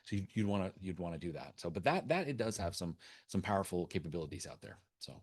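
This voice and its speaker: A man's voice: low-pitched, big pitch swings, fast talker. A man answering questions as a webinar guest speaker, talking off the cuff with many restarts and fillers.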